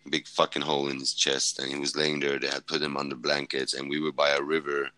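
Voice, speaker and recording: A man's voice: extremely low pitch, completely flat delivery, fast, pushed and bright, dry recording, rough recording. A Swedish man, a native Swedish speaker, casually and bluntly telling a war story on a podcast, rambling and swearing. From Sweden. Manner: rambling, blunt, swears freely, many restarts. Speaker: podcast guest, former fighter and medic.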